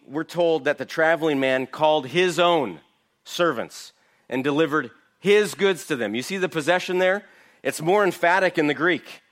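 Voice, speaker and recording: A man's voice: fairly high pitch, a bit bright. A man giving an emphatic verse-by-verse Bible teaching, asking his listeners questions. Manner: emphatic, asks the audience rhetorical questions.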